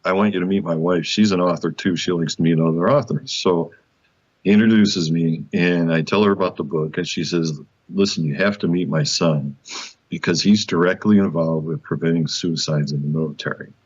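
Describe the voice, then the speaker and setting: A man with a very low voice tells a personal story as an interview guest. He is animated, acts out what people said, and laughs often. The sound is muffled and lo-fi. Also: moderate pace, slightly rough. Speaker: guest author.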